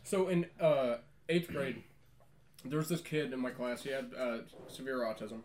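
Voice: medium pitch, moderate pace, a little mellow, a little hiss or hum. A young adult podcast co-host telling stories in casual, profane, teasing chat with frequent laughs.

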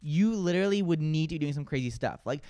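A man's voice: fairly high pitch, lively intonation, fast, mellow, clean tone, no echo. A man hosting a radio show, chatting casually and rambling with frequent restarts. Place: radio studio. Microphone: studio mic.

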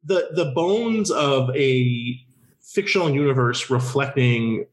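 A man co-hosting a podcast, talking in a wry, opinionated, animated way. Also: medium pitch, slow pace. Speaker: podcast co-host. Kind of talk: casual chat.

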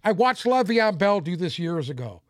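A man with a high, light voice argues his sports opinions bluntly, repeating his opening words as he gets started. He is recorded up close in a dry space with no echo. His manner is casual and stubborn. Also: very animated, moderate pace. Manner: opinionated, stammers restarts, blunt. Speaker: sports podcast co-host.

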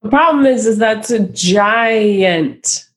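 A woman's voice: medium pitch, slow. A woman co-hosting a podcast, chatting casually and sympathizing with her friend. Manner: sympathetic, gives short agreeing replies. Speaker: podcast co-host. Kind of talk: casual chat.

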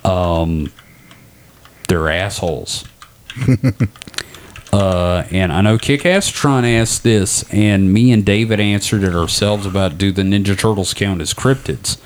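Young man, podcast co-host, casual chat, low-ish voice, swears freely. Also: measured pace, a little hiss or hum. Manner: loose and profane, joking.

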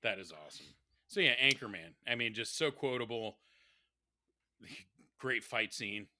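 A man co-hosting a casual chat, animated and quick to laugh as he quotes favorite lines. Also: medium pitch, no room sound, clean studio sound. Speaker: podcast co-host.

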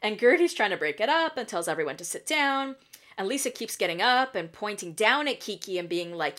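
A woman's voice: mid-range voice, lively intonation, brisk, fairly bright tone. A woman hosting a podcast and recapping reality TV in casual chat. She talks in a chatty way, laughs often and swears freely. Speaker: podcast host.

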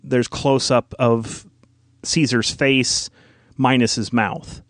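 A podcast co-host speaks slowly in a steady, mid-range voice, explaining film trivia at length during a casual conversation. He comes across as informative and detailed. The recording is dry.

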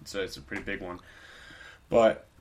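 A man's voice: low voice, steady tone, normal speed. A young man on a podcast, casually telling a story in a rambling, laid-back way with lots of fillers.

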